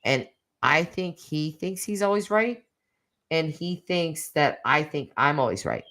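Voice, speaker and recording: A woman's voice: sits low, expressive, a bit bright. A middle-aged woman hosting a casual livestream chat, reading viewer comments with teasing asides and frequent laughs. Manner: chatty, teasing, laughs often, quick asides.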